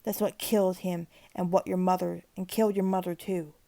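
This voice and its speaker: A woman voicing a grief-stricken old man in his seventies who sobs and shouts accusations in a spoken horror story. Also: on the low side, flat delivery, a little fast, creaky, no room sound. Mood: furious.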